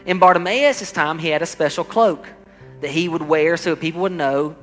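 A man's voice: on the high side, moderate pace. A man preaching a sermon, emphatic, calling out to his congregation and acting out quoted voices. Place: church hall. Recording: echoing hall with faint music.

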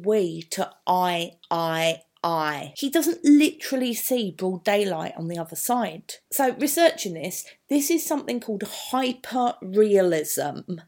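Woman, English teacher, chatty, thinks out loud, mid pitch, poetry lesson. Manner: chatty, thinking aloud with many asides.

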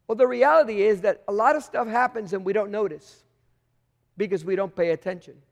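A man's voice: high-pitched, brisk, vocal fry. A man preaching a sermon as pastor, conversational and full of rhetorical questions, acting out the voices he quotes. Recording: long reverb of a large hall.

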